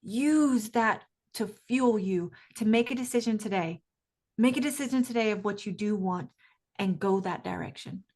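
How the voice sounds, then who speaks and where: A woman's voice: mid-range voice, normal speed, a little mellow. A woman guest coach speaking energetically in an interview, emphatic and often laughing. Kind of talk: enthusiastic interview talk.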